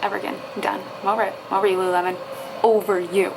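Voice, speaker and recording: Fitness vlogger lady, kinda gravelly, swearing at a website, noisy room behind her. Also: medium pitch, little pitch movement, racing. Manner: exasperated, swearing, talking to herself at a screen. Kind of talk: casual vlog commentary.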